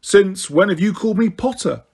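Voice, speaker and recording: A man's voice: high voice, animated, normal speed, vocal fry, darkish tone, slightly rough, pitched above the performer's own voice, exaggerated voice. Harry: a man doing a firm, blunt teenage boy. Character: determined teenage boy wizard student.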